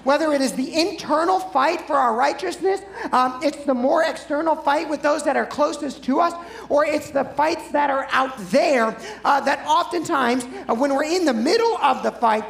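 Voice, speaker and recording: Pastor preaching with a gravelly voice. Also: male voice, extremely high pitch, moderate pace, fairly bright tone, echoey room. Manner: conversational, asks the audience questions. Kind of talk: sermon.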